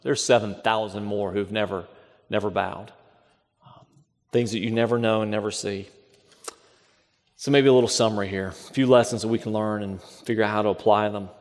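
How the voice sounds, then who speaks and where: A man's voice: fairly low pitch, fairly even intonation, normal speed, pauses often, a little mellow. A man preaching a sermon as pastor, emphatic, asking rhetorical questions and repeating phrases. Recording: long reverb of a large hall.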